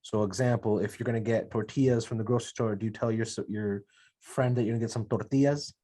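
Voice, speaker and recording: Laid-back man with a lowish voice. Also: little pitch movement, quick pace, warm tone. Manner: laid-back, swears freely, playful. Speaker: podcast co-host. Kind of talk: casual chat.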